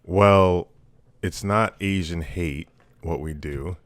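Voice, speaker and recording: Deep-voiced blunt young podcast host. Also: male voice, takes it slowly, no echo. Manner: blunt, profane, animated when ranting. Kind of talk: casual chat.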